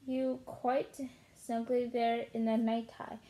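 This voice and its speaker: A woman voicing a big, gentle male giant with mangled, soft-hearted speech in a storybook reading. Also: on the high side, little pitch movement, slow.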